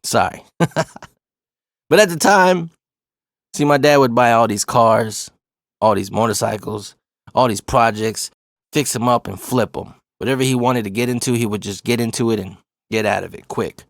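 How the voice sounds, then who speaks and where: A man telling a personal story in a casual, profane, animated way. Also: mid-range voice, normal speed, long pauses, dry recording, clean studio sound.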